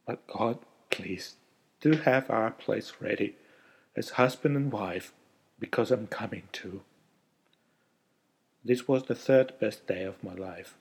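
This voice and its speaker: A man narrating a first-person story in a quiet, heartfelt way. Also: on the low side, creaky, husky.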